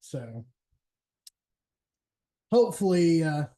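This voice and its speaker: A man's voice: a little high, very animated, extremely slow, mellow. A man hosting a live stream, chatting casually and rambling, swearing freely and laughing often. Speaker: streamer host.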